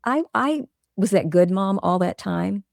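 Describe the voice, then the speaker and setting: A woman's voice: mid-range voice, animated, a little slow, creaky, no room sound, clean studio sound. A middle-aged woman, a guest author, talking earnestly and reflectively in a casual interview, working through everyday examples.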